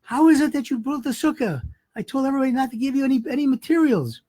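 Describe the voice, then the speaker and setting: A man's voice: very high-pitched, lively intonation, quick pace, dark tone, slightly rough, voice pushed up, full character voice. Man doing a furious rich townsman. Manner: indignant. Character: rich man, angry then humbled.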